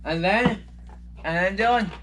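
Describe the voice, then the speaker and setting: A man narrating as game master of a tabletop game, halting and often repeating himself. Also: high-pitched, very noisy.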